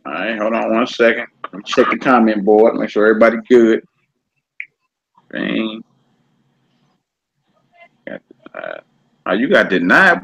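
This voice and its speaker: A man teaching a casual online language class, relaxed and conversational, repeating each word slowly for his students. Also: mid-range voice, breathy edge, poor audio.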